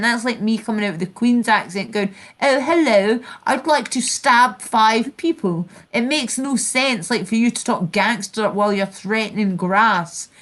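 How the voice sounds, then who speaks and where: A Scottish woman hosting a casual chat stream, rambling and swearing as she retells online feuds. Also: mid-range voice. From Scotland. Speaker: channel host.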